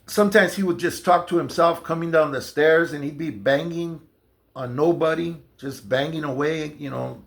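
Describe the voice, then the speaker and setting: Man, raised-pitch gravelly voice, rambling conversational storyteller. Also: moderate pace. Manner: loose, conversational, many fillers and restarts. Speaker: storyteller recounting jail experiences. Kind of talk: casual storytelling monologue.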